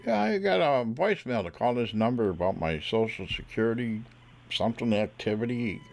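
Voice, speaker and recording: Mocking prank-calling man, lively voice. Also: medium pitch, moderate pace, creaky. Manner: mocking, playful, gives silly fake names. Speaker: scam baiter. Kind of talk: prank phone call.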